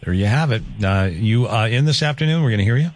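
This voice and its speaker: A man's voice: medium pitch, animated, fast talker, darkish tone, no room sound. A man hosting a local radio morning show, chatting casually and joking with a guest and taking listener texts from a studio. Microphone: studio mic.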